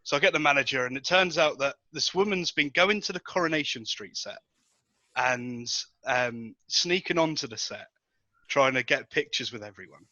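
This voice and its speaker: Brief: male storyteller, rambling, crisp bright tone, dull dry lo-fi recording. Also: mid-range voice, normal speed, no echo. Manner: rambling storyteller, many ums and restarts. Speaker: podcast regular telling a story. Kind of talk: casual anecdote-telling.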